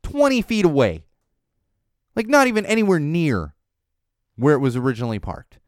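Animated ranting podcast man. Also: on the high side, normal speed, no room sound, studio quality. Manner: animated storytelling, ranting, drops to muttering asides. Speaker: podcast host. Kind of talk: casual solo podcast talk.

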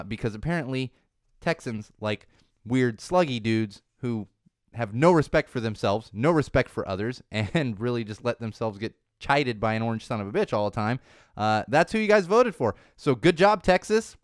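A podcast host in his thirties speaks at normal speed in a medium-pitched voice, recorded dry and at studio quality. He's hosting a casual chat, ranting in an animated, profane, opinionated way with many fillers and restarts, and his voice is a little worn and going because he's getting sick with a cold.

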